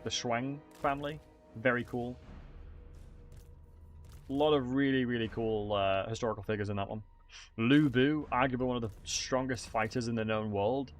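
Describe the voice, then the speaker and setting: A man casually talks through his game for viewers, wandering off into tangents with plenty of fillers and restarts. His voice sits at an ordinary middle pitch. Soft music plays quietly behind him. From England. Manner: rambling, chatty, many fillers and restarts, reacting to chat. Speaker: streamer. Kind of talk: casual gameplay commentary.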